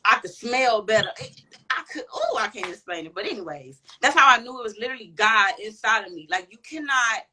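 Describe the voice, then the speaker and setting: Bright-voiced woman telling a candid story. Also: on the high side, lively intonation, a little fast, a little hiss or hum, poor audio. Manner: candid, profane, slangy and emphatic. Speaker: guest. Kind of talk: casual storytelling chat.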